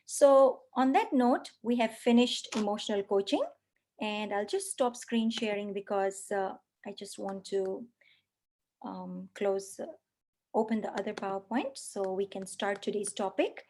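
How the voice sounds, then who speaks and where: A woman's voice: on the high side, a little mellow. A woman parenting coach giving an online lecture over a video call, earnest, often checking in with "right?". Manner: earnest, frequent tag questions like "right?". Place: online session with screen sharing.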